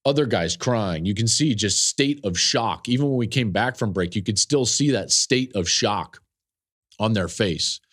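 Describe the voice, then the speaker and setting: A man's voice: fairly low pitch, lively intonation, unhurried, fairly bright tone. A man hosting a podcast, telling a story in an earnest, emotional way with fillers and repeated phrases. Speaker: podcast host and football analyst.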